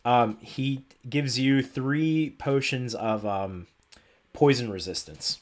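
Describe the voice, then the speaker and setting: A man's voice: mid-range voice, slow pace. A man narrating as game master in a tabletop game, loose and laughing, with many fillers.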